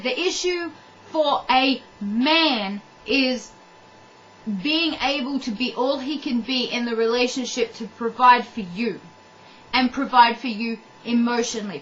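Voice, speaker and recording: Blunt, high-voiced ranting woman. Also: a bit bright, highs cut off, slight background noise. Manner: blunt, heated, addresses the viewer, swears. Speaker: vlogger. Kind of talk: ranting monologue.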